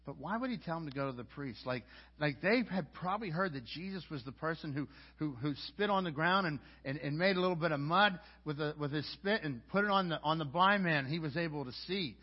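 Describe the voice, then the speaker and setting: High-voiced man preaching, dull recording. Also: expressive, a little fast, slightly rough. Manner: conversational preaching with frequent stammered restarts. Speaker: pastor. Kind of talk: sermon. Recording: dull lo-fi audio.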